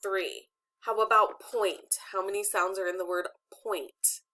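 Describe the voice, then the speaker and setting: Slow, patient woman teaching phonics. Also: medium pitch, fairly even intonation, bright, forceful tone. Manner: patient, questions and prompts to pupils. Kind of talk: online phonics lesson for children.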